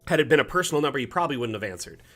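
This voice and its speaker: A man hosting a live stream, telling a casual story in an animated, rambling way and often correcting himself mid-sentence. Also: medium pitch, very fast, faint music behind. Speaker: community manager streamer. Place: home, Las Vegas.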